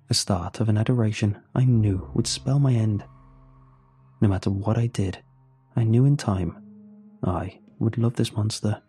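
A man narrating a first-person horror story in a measured, tense way. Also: on the low side, warm tone, breathy edge. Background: faint music.

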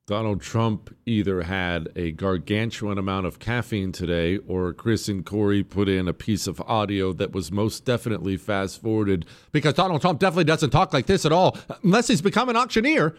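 A man's voice: a little fast, few pauses. Emphatic sarcastic male talk host. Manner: animated, swings into high mocking voices. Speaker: radio show host. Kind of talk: opinionated political talk.

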